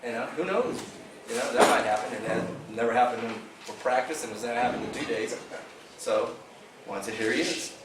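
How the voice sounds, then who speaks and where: Animated man telling a fishing story. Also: mid-range voice, brisk. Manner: animated, laughing, acts out dialogue. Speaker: angler telling a tournament story. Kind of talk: casual storytelling to a club meeting. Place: meeting room. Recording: echoey room from far off, background noise.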